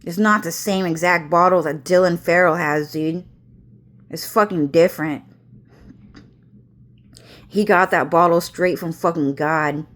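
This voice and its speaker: A woman's voice: on the low side, a little slow, pauses often, fairly bright tone. A woman vlogging from home, ranting to camera in a rambling, agitated way with constant swearing and repetition.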